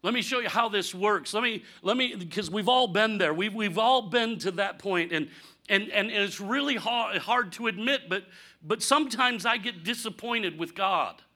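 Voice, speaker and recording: A man preaching a conversational sermon, candid and humorous, asking rhetorical questions and swinging from punchy lines to near-quiet asides. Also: sits high, normal speed. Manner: animated, rhetorical questions, sudden drops to quiet; candid, self-deprecating humor. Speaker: pastor.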